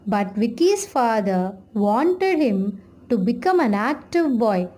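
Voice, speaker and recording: A woman teacher, explaining a storybook lesson to children slowly and patiently. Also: a little high, very animated, a little mellow. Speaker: school teacher. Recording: echoey room with faint noise.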